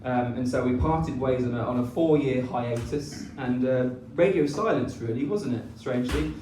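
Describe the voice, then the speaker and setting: A man giving a teasing wedding speech, pausing often with ums. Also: medium pitch, warm tone, a little hiss or hum. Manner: teasing, with many ums and pauses. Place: wedding reception hall. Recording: echoey room, mic from far off.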